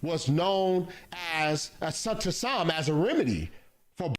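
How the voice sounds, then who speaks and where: A man preaching in a played clip, explaining calmly and measuredly with some fillers. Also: a little high, a little slow. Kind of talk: calm sermon explanation.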